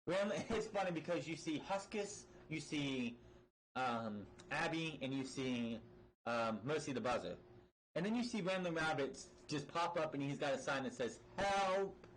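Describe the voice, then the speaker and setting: A man's voice: a little high, lively intonation, normal speed, fairly bright tone, a little hiss or hum, poor audio. A man giving a casual, opinionated recap of a wrestling show, blunt and emphatic, swearing freely and often restarting his sentences.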